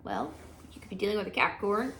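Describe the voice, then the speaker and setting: A woman's voice: medium pitch, quick pace, creaky, a bit bright, slight background noise. A woman giving a casual, chatty tarot reading, thinking aloud with frequent fillers and restarts. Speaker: tarot reader.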